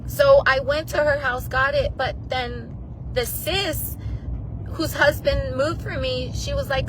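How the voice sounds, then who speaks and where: A woman's voice: high voice, unhurried, noisy background. A woman vlogger telling a personal story to her viewers in a rambling, emotional way, tearful at times, with many restarts.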